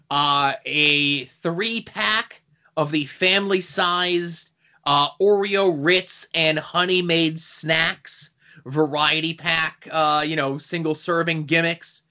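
Bright-voiced man, casual podcast host. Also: fairly high pitch, slow. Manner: rambling, with many fillers and asides.

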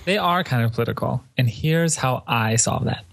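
Deadpan man giving wry advice. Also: medium pitch, normal speed, vocal fry, dry recording. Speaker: orchestral musician, guest. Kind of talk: casual chat.

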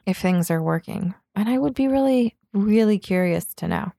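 A woman's voice: medium pitch, lively intonation, normal speed, creaky, dark tone, no room sound, clean studio sound. A woman co-hosting a podcast in casual chat, rambling, laughing often and swearing freely. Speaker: podcast co-host.

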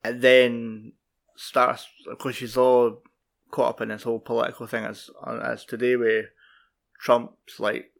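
A man in casual podcast chat, halting and repeating words, with some swearing. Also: mid-range voice, monotone, vocal fry.

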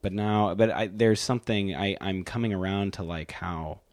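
A Wisconsin man hosts a casual podcast chat from an office, rambling with plenty of fillers and restarts. His voice sits low, with fairly even intonation and a moderate pace. The recording is dry.

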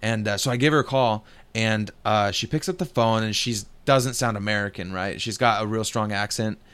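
A young man co-hosting a casual gaming podcast, telling a long story in a relaxed way, laughing often and swearing freely. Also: fairly low pitch, moderate pace, clean tone. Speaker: podcast co-host.

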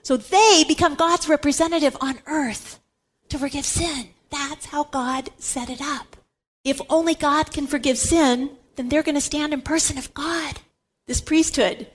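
A woman's voice: sits high, unhurried. A woman giving a Catholic Bible teaching talk, emphatic and repeating words for stress.

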